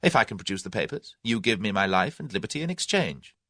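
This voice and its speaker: Brief: man reading brash young hero, animated, dry booth. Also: lowish voice, quick pace, no room sound. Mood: confident. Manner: breezy, confident, scornful. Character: cocky young Englishman bluffing his captors.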